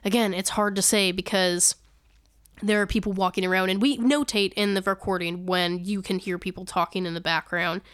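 A young woman co-hosting a paranormal podcast, her smooth voice recorded close and dry. She rambles through the story, backtracks to fix details, and laughs easily. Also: mid-range voice, fairly even intonation, moderate pace, a bit bright, dry recording. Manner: rambling, self-correcting, laughs often. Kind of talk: casual storytelling chat.

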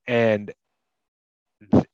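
A man's voice: extremely slow, mellow, no room sound, muffled recording. A man from Massachusetts co-hosting a casual movie podcast, rambling with lots of "like" and "you know". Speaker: podcast co-host.

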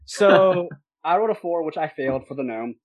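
A game master narrating a tabletop role-playing game in a lively, laughing way with quick asides. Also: medium pitch, phone-quality sound.

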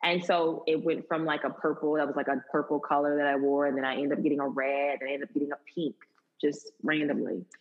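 A lively woman guest with a low-pitched, husky voice tells a story in a relaxed interview. She laughs easily and acts out the people in it. The recording sounds dull and lo-fi. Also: fast.

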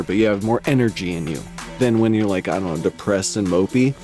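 A man's voice: lowish voice, moderate pace, a little mellow, soft background music. A man with a West Coast American accent telling a story in casual chat, profane and rambling, laughing between lines.

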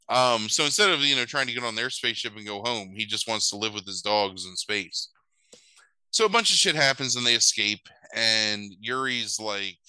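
A man retells a movie plot with lively, swooping pitch and a very bright, sharp tone. He is sarcastic and swears freely while he chats. The sound is dry and close. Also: normal speed, clean tone, no room sound, low-quality recording. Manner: animated, profane, sarcastic storytelling. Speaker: podcast co-host. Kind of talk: casual chat recapping a movie.

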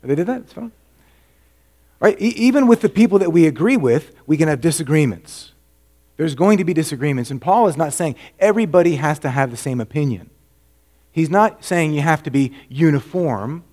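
A man preaching a sermon as a pastor, earnest and full of rhetorical questions, dropping to a hush and then rising to emphatic points. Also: fairly high pitch, animated, a little fast.

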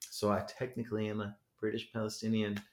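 A man's voice: fairly low pitch, quick pace. Rambling, cursing man in an echoey room. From New Jersey. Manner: rambling, animated, swears freely. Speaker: rapper, podcast guest. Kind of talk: casual interview chat.

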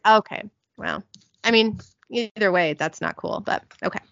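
A woman's voice: mid-range voice, normal speed, vocal fry, a bit bright, no echo. A young woman hosting a casual recap podcast, chatty, with lots of "like"s and self-corrections. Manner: chatty, many "like"s and self-corrections, laughs often. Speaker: podcast host. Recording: dull lo-fi dry audio.

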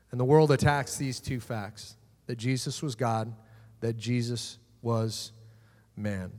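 A man preaching a sermon as pastor, moving between emphatic declarations and quiet asides. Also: mid-range voice, big-room sound.

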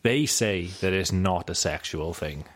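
Deep-voiced man with dry quips. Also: measured pace. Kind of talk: casual podcast chat.

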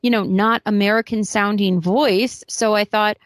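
A woman's voice: medium pitch, steady tone, normal speed, no echo. A woman co-hosting a podcast, sarcastic and indignant, with plenty of swearing. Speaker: podcast co-host. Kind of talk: casual podcast banter.

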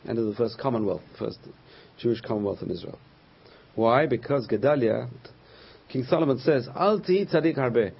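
A man's voice: mid-range voice, moderate pace, vocal fry, long pauses, slightly rough, lo-fi sound. A man teaching a Torah class as a rabbi, telling stories and acting out the voices of the people in them. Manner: storytelling, acts out quoted voices.

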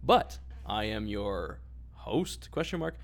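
A man's voice: fairly low pitch, sing-song, takes it slowly, vocal fry. A man hosting a casual podcast chat, joking and laughing often. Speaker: podcast host.

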